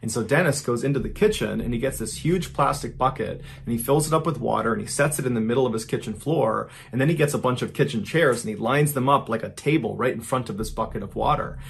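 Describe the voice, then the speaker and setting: A man narrating a true crime story in a measured, grave storytelling manner, acting out the quoted lines. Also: mid-range voice, vocal fry, a little hiss or hum.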